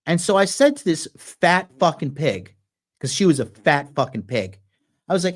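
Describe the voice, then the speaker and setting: A man's voice: on the high side, very animated, normal speed. A man hosting a show, ranting aggressively with constant profanity. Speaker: podcast host. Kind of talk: ranting commentary.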